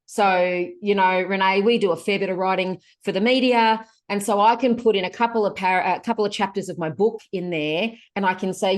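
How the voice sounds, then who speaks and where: A woman speaks as a guest on a podcast, chatty and colloquial. Her voice sits in a middle pitch. She talks easily and in a lively way. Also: a little fast, few pauses. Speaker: guest, productivity author. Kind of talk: casual podcast chat.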